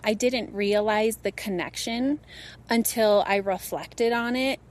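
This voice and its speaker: A woman guest tells her story of inner healing in an earnest, conversational way. Her delivery is emphatic, often swelling into excited bursts as she stresses what changed for her. Her voice sits at an ordinary middle pitch for a woman. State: becomes a parent, with a baby and a one-year-old. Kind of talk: personal faith testimony in conversation.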